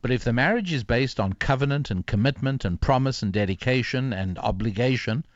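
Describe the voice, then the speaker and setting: A man's voice: mid-range voice, expressive, fairly quick, no room sound. Older male author as interview guest, reflective storyteller, dry dull audio. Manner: reflective, many fillers and restarts.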